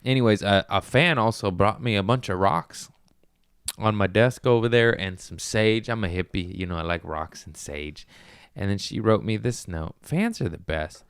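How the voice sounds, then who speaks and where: A man hosts a loose comedy podcast, talking in a lowish, clean and smooth voice. He rambles through profane stories and keeps jumping into excited bursts. The sound is dry and close, with no room around it. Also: moderate pace, dry recording. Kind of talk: casual podcast chat.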